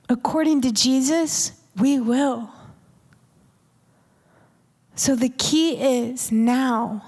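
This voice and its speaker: Slow, whispering woman preacher in a hall. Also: high voice, a little mellow. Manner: intimate, drops to whispers for emphasis. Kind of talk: sermon. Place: large church hall. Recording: live church hall reverb.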